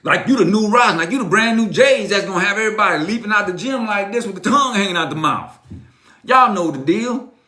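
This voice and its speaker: A man's voice: high-pitched, expressive, fast talker, bright, forceful tone, echoey room. A middle-aged man giving an emphatic, preachy motivational talk on a live stream, greeting viewers and repeating his key lines.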